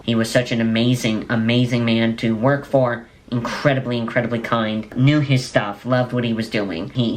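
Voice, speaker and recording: Young man, actor, chatty vlog storytelling, enthusiastic, repeats himself. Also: medium pitch. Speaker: actor sharing behind-the-scenes photos.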